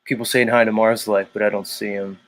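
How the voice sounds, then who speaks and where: A man hosting a live stream, ranting in a heated, profane way and then talking himself calm. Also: lowish voice, fairly quick. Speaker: livestream host. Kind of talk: casual live-stream rant.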